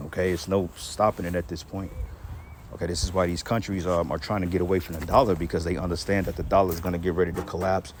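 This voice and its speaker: A man's voice: sits low, flat delivery, quick pace, darkish tone, a little hiss or hum. A man in his thirties giving casual, rambling bible prophecy teaching, reading scripture aloud and cursing now and then.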